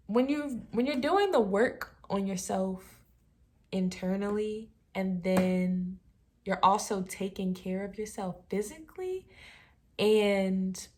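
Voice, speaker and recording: A young woman in her twenties chats to camera at an unhurried, easy pace. Her voice sits at a middle pitch. Her delivery is relaxed and conversational, and she often drops into soft, trailing asides. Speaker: vlogger. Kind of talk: casual talking-to-camera commentary.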